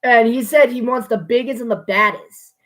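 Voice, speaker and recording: Excitable, foul-mouthed woman reviewer. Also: a little high, moderate pace. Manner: excitable, profane, bursts into gushing shouts. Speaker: wrestling show reviewer. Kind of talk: casual spoken review.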